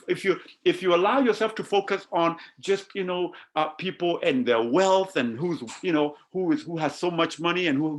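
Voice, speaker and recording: A man preaching a sermon to his congregation, animated and calling out to them, often repeating his words. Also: a little high. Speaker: pastor.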